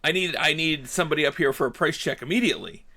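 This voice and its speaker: Talking fast in a slightly high voice, a man on a podcast casually relates a story, performing the dialogue and getting more animated and heated as he goes.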